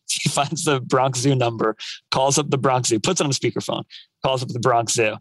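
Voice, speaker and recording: A man's voice: mid-range voice, a little fast, dry recording, low-quality recording. Man telling a story in a dry studio. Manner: animated storyteller, laughs mid-story. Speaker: podcast co-host. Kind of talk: casual podcast chat.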